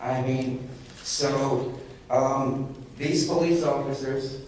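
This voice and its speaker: A man's voice: medium pitch, steady tone, slow pace, a little mellow. A man speaking through a medical mask at public comment in a council meeting, agitated and argumentative, repeating himself. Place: large council chamber. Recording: echoey council chamber, distant mic, faint hiss.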